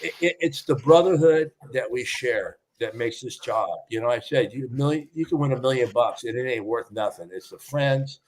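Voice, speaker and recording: A man's voice: medium pitch, moderate pace, hardly any pauses, slight background noise. An older man, a retired fire chief, telling a personal story in a casual interview and acting out the dialogue. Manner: emotional storyteller, acts out quoted dialogue. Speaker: podcast guest, retired fire battalion chief.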